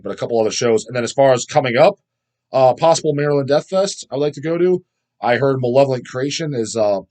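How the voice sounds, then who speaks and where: A man's voice: mid-range voice, darkish tone. A man hosting a casual metal podcast, rambling and profane, often trailing off as he searches for names while reading viewer comments. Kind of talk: casual chat.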